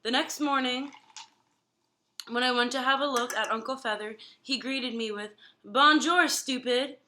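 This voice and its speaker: Bright-voiced woman reading a storybook. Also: on the high side, moderate pace, a little hiss or hum. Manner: lively character voices for dialogue. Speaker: guest reader. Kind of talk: reading a children's book aloud.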